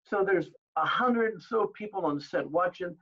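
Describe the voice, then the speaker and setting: Husky older man telling lively stories. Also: high voice, moderate pace, dull audio. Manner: animated anecdotes, acting out quoted exchanges. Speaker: interview guest. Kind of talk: storytelling in an interview.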